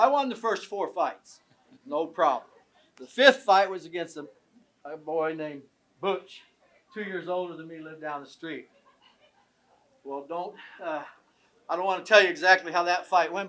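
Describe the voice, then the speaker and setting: An older man from southern Illinois, his voice on the high side and a bit bright, is a guest speaker at a tribute event held in an event room. His after-dinner speech is folksy, joking, and self-deprecating, full of jokes and stories.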